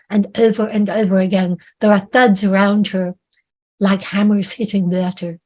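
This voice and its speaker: A woman author reading her own fiction aloud in a measured, dramatic way. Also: mid-range voice, darkish tone.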